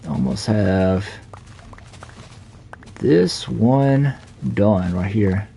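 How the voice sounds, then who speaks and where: A man's voice: on the low side, extremely slow, creaky, warm tone, slight background noise. A young man with a Southern US accent, chatting casually and rambling with many fillers while he streams a game. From Southern United States. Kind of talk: casual live-stream chat while playing.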